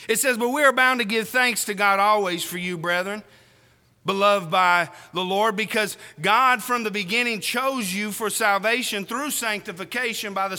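A man's voice: high-pitched, sharp tone. A man preaching a sermon, emphatic and folksy, firing questions at the congregation. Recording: reverberant hall.

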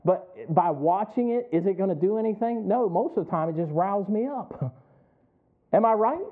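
A middle-aged male preacher with a fairly high voice delivers a chatty sermon. He chuckles as he goes and keeps calling out to the congregation for an answer. The sound is thin and tinny, like it came down a phone line. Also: animated, normal speed. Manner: conversational, chuckling, asks the congregation for responses.

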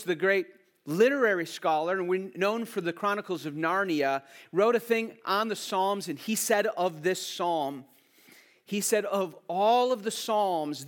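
A male pastor delivers a Sunday sermon to his congregation in a church. His voice sits a little high for a man. He slows right down on key lines and leans into each pause for weight. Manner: slow, deliberate reading with emphatic pauses. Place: church sanctuary.

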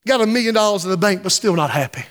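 A man preaching a sermon as pastor, impassioned, stretching some phrases slowly and letting others swell. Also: high-pitched, lively intonation, fairly bright tone. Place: church sanctuary. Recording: long reverb in a large hall.

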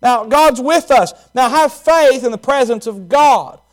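A man's voice: extremely high pitch, measured pace. A man preaching a sermon, repeating key words emphatically and telling a personal story.

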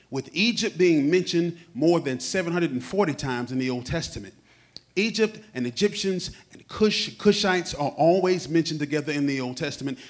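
A man preaching a sermon, humorous and animated, acting out quotes as he teaches. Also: a little high.

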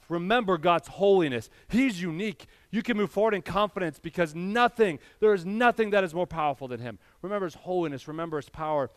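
A man's voice: a little high, a bit bright, dry recording, clean studio sound. A man in his thirties preaching a sermon as pastor, speaking earnestly and building to emphatic passages as he addresses the church directly.

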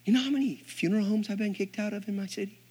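Animated preacher man, hushed to shouting. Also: high voice, racing, breathy edge. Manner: animated, acts out dialogue, swings from hushed to shouting. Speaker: Assembly of God minister. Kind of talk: storytelling sermon.

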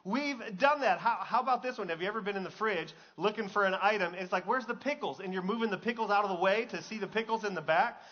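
A man's voice: high voice, quick pace, few pauses, highs cut off. A male pastor preaching a sermon in a conversational, joking way, asking the congregation questions. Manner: conversational, jokey, asks the crowd questions.

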